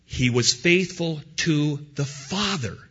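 A man preaching a sermon, swinging between loud emphasis and quiet asides. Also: a little high, lively intonation, slow pace, husky. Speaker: pastor. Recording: dull lo-fi sound.

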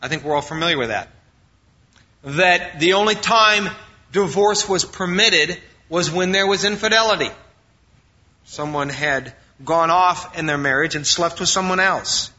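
Bright-voiced male pastor preaching. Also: fairly high pitch, a little slow, lo-fi sound. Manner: preaching with fillers and restarts, quoting scripture. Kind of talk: sermon.

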